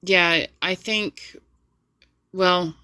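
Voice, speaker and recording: A woman's voice: lowish voice, fairly even intonation, very slow, pushed and bright, clean tone, no echo, clean studio sound. A woman co-hosting a live stream in easygoing, reassuring casual chat. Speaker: stream co-host and moderator.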